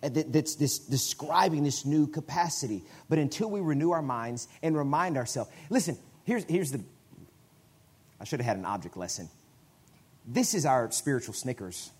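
A man preaching a sermon in a conversational way, often restarting his phrases and breaking into sudden loud bursts. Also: fairly high pitch, expressive, moderate pace, husky. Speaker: guest preacher.

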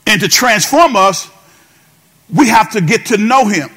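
A man's voice: high-pitched, animated, measured pace, fairly bright tone. A male pastor preaching a sermon, calling out to the congregation and repeating phrases with a sing-song lilt.

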